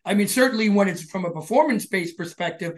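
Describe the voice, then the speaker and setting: Male co-host with a high voice, measured and agreeable. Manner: measured, with frequent backchannel murmurs. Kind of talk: casual podcast conversation.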